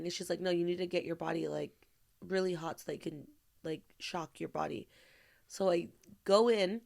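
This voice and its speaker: A woman's voice: fairly low pitch, creaky. A young woman co-hosting a podcast in casual chat. She tells stories with lots of energy, acts out the quotes and swears freely. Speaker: podcast co-host.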